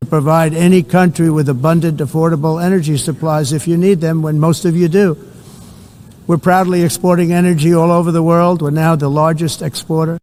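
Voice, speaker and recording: A man delivering a formal speech as a head of state, measured and boastful. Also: fairly high pitch, little pitch movement, darkish tone, a little hiss or hum. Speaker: head of state giving an address.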